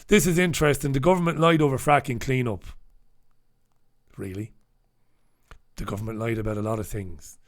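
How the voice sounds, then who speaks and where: A man's voice: medium pitch, creaky. A man hosting a casual live newspaper review, sardonic and swearing freely as he reads headlines and viewer comments aloud.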